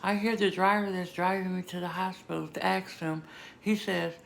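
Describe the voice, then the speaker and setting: A woman vlogger giving an emotional, emphatic personal testimony, moving between hushed and loud moments. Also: on the low side, steady tone, normal speed, creaky, slight background noise. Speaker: vlogger sharing a personal story.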